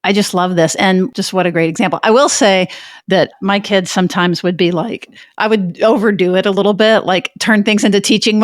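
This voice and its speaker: A woman co-hosting a podcast, appreciative and quick to laugh. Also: mid-range voice, no echo, clean studio sound. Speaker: podcast co-host. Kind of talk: casual conversation.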